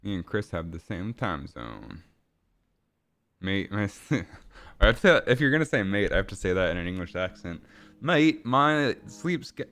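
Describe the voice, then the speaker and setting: A man's voice: fairly low pitch, a bit bright. A man casually chatting with viewers while building a game, rambling, swearing and laughing. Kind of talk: casual livestream chat.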